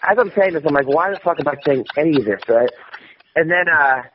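A man with a fairly high voice tells a rambling, animated story, swearing freely and stumbling over restarts. The audio sounds dull, like an old radio broadcast, with a faint hiss underneath. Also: quick pace. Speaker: guest comedian. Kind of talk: casual storytelling.

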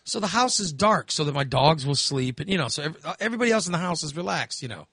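A man's voice: on the high side, expressive, fast talker, a bit bright, husky, dry recording, clean studio sound. A man hosting a podcast, telling stories in casual chat with laughs and voiced asides. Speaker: podcast host.

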